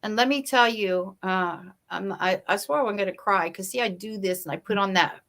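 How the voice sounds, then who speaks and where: A woman's voice: mid-range voice, moderate pace, fairly bright tone. A woman speaking as a guest in a motivational interview, emphatic and storytelling. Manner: emphatic, storytelling, shifts pace for effect.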